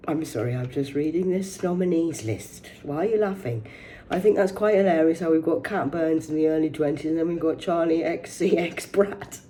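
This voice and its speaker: A woman's voice: deep voice, moderate pace, dark tone. A woman, reading news headlines aloud in a rambling vlog, swearing heavily and adding mocking asides. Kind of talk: rambling livestream commentary.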